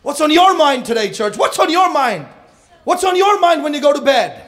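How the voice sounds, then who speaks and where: A man preaching a sermon to his congregation, swinging between shouted fervor and hushed, intense passages. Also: very high voice, very animated, moderate pace. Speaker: pastor.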